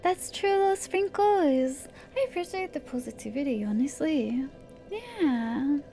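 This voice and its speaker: A woman streamer chatting casually while she plays, thinking aloud in a meandering way and often dropping to soft asides. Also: high-pitched, very animated, unhurried, faint music behind. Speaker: live streamer. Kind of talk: casual gameplay commentary.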